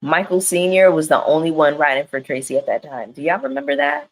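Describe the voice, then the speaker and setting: A woman's voice: low voice, lively intonation, a little fast, creaky, rough recording. A woman reviewing reality TV on a live stream, talking straight to her viewers in a candid, slangy and profane way. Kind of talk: casual live-stream chat.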